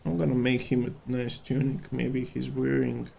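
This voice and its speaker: A man's voice: mid-range voice, little pitch movement, normal speed, gravelly, mellow, slight background noise. A man with a worn-out voice, rambling and thinking aloud in casual chat while sketching on a live stream. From Serbia.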